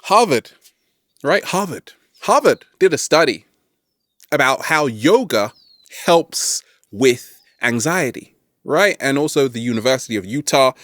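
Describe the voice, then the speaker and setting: Speaking to camera in a studio-quality, dry recording, a self-help host delivers lively, playful motivation, tossing in "right?" again and again along with joking catchphrases. His voice is medium in pitch and unhurried.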